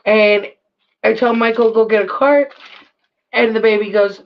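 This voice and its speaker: A woman telling a story in casual chat, animated and blunt. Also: mid-range voice, normal speed. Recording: dull lo-fi sound.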